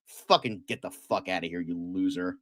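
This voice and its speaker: A man's voice: low voice, normal speed, no room sound, studio quality. A man co-hosting a casual podcast, going off in a profane, angry rant. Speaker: co-host.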